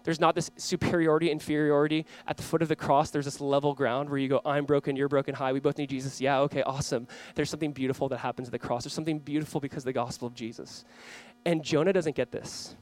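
A young man preaching a sermon, animated and storytelling, acting out quoted voices. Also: on the high side, fast talker. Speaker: pastor.

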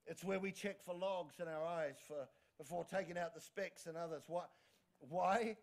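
A pastor preaching a sermon energetically, often restarting words and calling for amens. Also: male voice, on the high side, moderate pace. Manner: energetic, frequent restarts and stammers, calls for amens.

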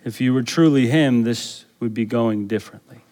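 A man's voice: medium pitch, normal speed, warm tone, lightly acted. Brief: a pastor playing a jailed prophet, a grown man full of doubt who pleads casually and questions in plain everyday speech. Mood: pleading.

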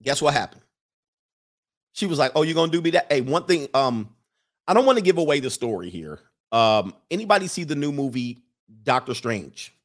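A man hosting a live stream, giving a casual commentary monologue in an animated, preachy way and repeating his lines for emphasis. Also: medium pitch, moderate pace, pauses often. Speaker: live-stream host reading viewer comments.

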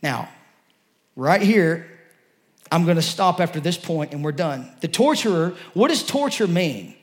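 A man's voice: fairly high pitch, expressive, measured pace. A man preaching a sermon, explaining a scripture passage in a conversational way and rising to emphatic peaks.

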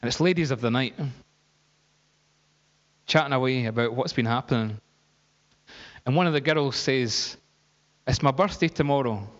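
A man preaching, telling a story in a lively, anecdotal way with laughs and fillers. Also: mid-range voice, moderate pace, long pauses. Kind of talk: sermon storytelling. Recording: dull, echoey hall.

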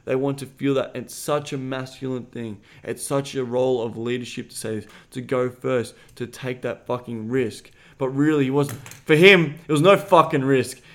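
A man hosting a podcast as a dating coach, swearing freely and retelling a client's story bluntly, jumping loud and high whenever he quotes himself. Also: fairly even intonation, normal speed, hardly any pauses.

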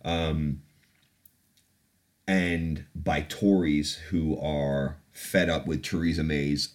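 Low-voiced guy rambling on his podcast, laughs a bit, swears a lot. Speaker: podcast host. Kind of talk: casual opinion podcast.

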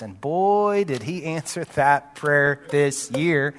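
A pastor in his late thirties gives a sermon in a candid, conversational way, his voice pitched a little high with a bright, forward edge. He often lets his voice sink low and soft. A long reverb from the big sanctuary trails every phrase. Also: expressive, slow, hardly any pauses. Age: late 30s. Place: church sanctuary. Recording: long reverb of a large hall.

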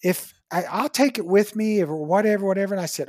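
A woman's voice: medium pitch, fairly quick, no room sound, studio quality. A woman dentist telling patient stories in casual conversation, acting out the dialogue. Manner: animated storyteller, acts out quoted dialogue. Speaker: dentist, podcast guest.

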